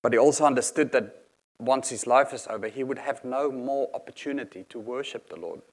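A man's voice: medium pitch, brisk. A man preaching a sermon in an earnest, explanatory manner, reading scripture aloud and unpacking each verse.

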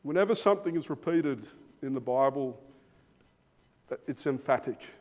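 A man's voice: medium pitch, animated, normal speed, darkish tone. A man preaching an expository sermon, emphatic and given to repeating words as he starts phrases. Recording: long reverb of a large hall.

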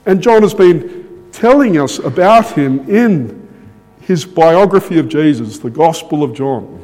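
A man preaching a sermon in a slow, deliberate way with dramatic pauses. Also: a little high, animated, darkish tone. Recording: long hall reverb.

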